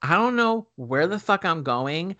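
A man's voice: on the high side, animated, a little slow, sharp tone, muffled recording. A man putting on the voice of a bratty, fearless young girl who talks in a sassy, bossy way.

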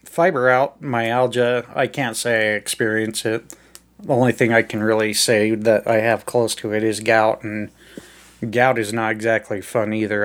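A man hosting a casual wrestling podcast, joking and rambling as he talks. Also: fairly low pitch. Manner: joking, rambling, laughs often. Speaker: podcast host. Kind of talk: casual chat.

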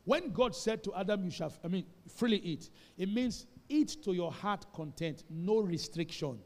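A pastor with a high-sitting, expressive voice preaches at a normal speed in a reverberant church hall. He is emphatic and calls on the congregation to repeat his words back to him.

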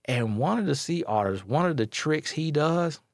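A man giving blunt relationship advice in a casual talk, telling animated stories with playful voice imitations and repeating phrases for emphasis. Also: fairly high pitch, moderate pace, no echo, studio quality.

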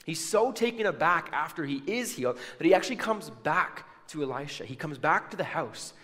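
A man delivers a sermon in a storytelling way, acting out the characters' words with casual asides. His voice sits slightly high for a man. A long hall reverb trails every line. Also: animated, brisk, fairly bright tone. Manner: storytelling with acted-out quotes and asides. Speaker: preacher.

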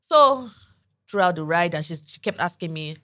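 Woman, 30s, podcast co-host, animated storyteller, lowish voice. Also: normal speed. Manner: lively storyteller acting out quoted dialogue. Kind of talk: casual storytelling chat.

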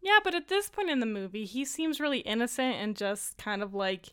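A woman's voice: on the high side, expressive, a little fast, clear, resonant tone. A young woman co-hosting a podcast, casually retelling a movie plot with lots of "like" and laughter. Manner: chatty retelling, many "like"s, laughs while talking. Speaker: podcast co-host. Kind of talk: casual movie recap chat.

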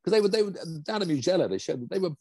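A man's voice: high voice, very animated, rapid-fire, a little mellow, a little hiss or hum. A man from England chatting enthusiastically about motorsport as a pundit. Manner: enthusiastic, rambling. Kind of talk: casual motorsport chat.

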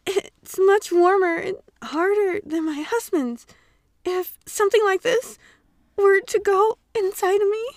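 A woman's voice: extremely high pitch, steady tone, unhurried, dry recording, studio quality. A woman voicing a proud, flustered young heroine who protests breathlessly, reading an adult visual novel aloud. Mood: defiant.

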